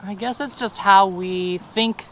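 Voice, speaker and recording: A young Korean woman with a Korean accent, a language student calmly explaining and spelling out words in casual chat. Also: medium pitch, a little slow, a little hiss or hum, rough recording.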